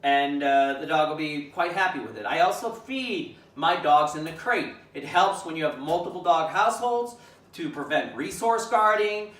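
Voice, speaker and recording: A man's voice: fairly high pitch, normal speed. Man teaching dog training in an echoey room. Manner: calm, demonstrates commands aloud. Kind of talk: instructional demonstration. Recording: echoey room, mic at a distance.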